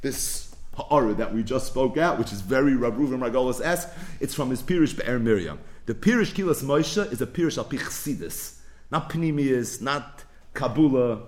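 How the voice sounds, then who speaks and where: A man's voice: medium pitch, roomy sound. A man giving a daily Talmud lesson, asking questions aloud and mixing Hebrew and Yiddish terms into English. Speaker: Talmud teacher.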